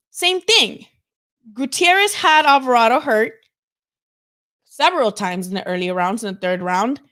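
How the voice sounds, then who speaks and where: A woman's voice: sits high, a bit bright. A woman hosting a live boxing talk stream, chatting casually and animatedly, swearing freely and filling with "like" and "you know". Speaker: boxing show host.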